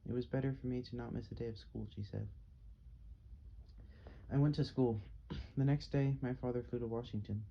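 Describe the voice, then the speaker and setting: A man reading an audiobook in a measured, unhurried scripted narration. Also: medium pitch, fairly even intonation, creaky. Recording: dull audio with faint hiss.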